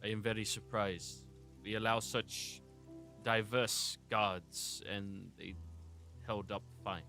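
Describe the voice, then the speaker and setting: A man's voice: sits low, fairly quick, fairly bright tone, soft background music, pitched below the performer's own voice. A man playing a deferential male guard who speaks formally and apologetically. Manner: formal, submissive.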